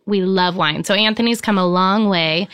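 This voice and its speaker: A woman in her thirties talks eagerly and at length in a casual interview, peppering her speech with ums and likes. Her voice is smooth and clear. It is recorded dry, with no room sound. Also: medium pitch, normal speed, fairly bright tone, no echo. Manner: chatty, enthusiastic, many ums and likes. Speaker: wedding and travel photographer.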